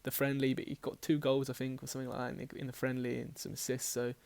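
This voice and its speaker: Man, casual rambling football talk, monotone, self-correcting. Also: mid-range voice, quick pace, creaky. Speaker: fantasy football host. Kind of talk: casual team-selection talk.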